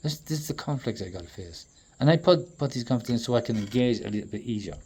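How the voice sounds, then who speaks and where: A man in a profane, rambling monologue that swings between loud outbursts and low muttering. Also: lively intonation, quick pace, husky. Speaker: traveling performer.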